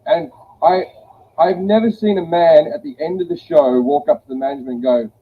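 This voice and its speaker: A man's voice: a little high, huge pitch swings, fairly quick, creaky, slightly rough. A man performing a blunt, profane stand-up comedy set. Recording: tinny phone-like audio with faint hiss.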